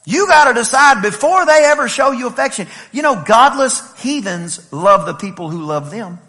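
A man from East Texas with an East Texas accent, preaching a lively sermon and telling playful stories to his congregation. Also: very high-pitched, normal speed. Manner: animated, playful storytelling with laughs and shouts. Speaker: pastor.

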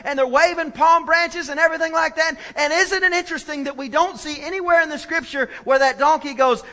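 A man preaching a sermon in a church, swinging from hushed, slow lines to loud, emphatic ones. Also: very high-pitched. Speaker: pastor. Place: church sanctuary. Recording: church hall with long reverb.

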